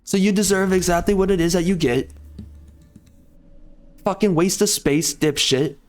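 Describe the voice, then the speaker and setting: A man's voice: high voice, normal speed. A male gaming YouTuber delivering an angry, heavily profane rant in a blunt, exasperated way.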